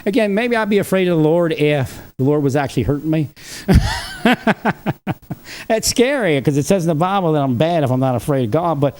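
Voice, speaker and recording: A man's voice: a little high, expressive, quick pace, hardly any pauses, a little mellow. A man talking alone on his livestream, rambling and chuckling often between thoughts. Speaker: livestream host. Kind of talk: rambling solo livestream talk.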